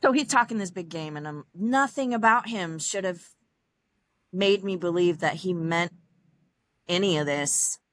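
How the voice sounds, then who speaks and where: Animated woman telling her story. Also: lowish voice, measured pace, no echo. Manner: animated, acts out quoted dialogue, frequent laughs and fillers. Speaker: podcast guest. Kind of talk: personal storytelling in an interview.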